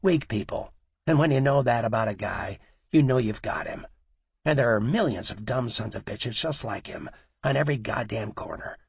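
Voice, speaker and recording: Man reading as a gravelly, menacing mob boss. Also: lively intonation, moderate pace, no room sound, full character voice. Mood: lecturing. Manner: low, taunting, rarely raises his voice. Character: menacing male mob boss, cold and cruel.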